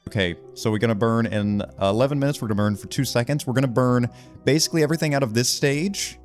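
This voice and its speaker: A man in the middle of a let's-play, chattering through every step with an excitable, running commentary. His voice sits at an ordinary middle pitch, and soft music plays faintly underneath. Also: fast. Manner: excitable, talks himself through each move. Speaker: gaming video host.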